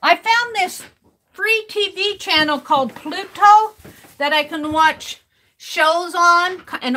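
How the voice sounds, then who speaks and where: A woman's voice: high-pitched, pushed and bright, slight background noise. An older woman live-streaming her crafting, chatting casually, reading viewers' comments aloud and laughing often. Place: home craft room.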